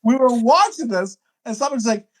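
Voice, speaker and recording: A middle-aged man co-hosting a podcast speaks in a very high-pitched, animated voice at a normal pace. He's rowdy and foul-mouthed, laughing a lot and doing big, over-the-top impressions of movie lines in casual, crude chat.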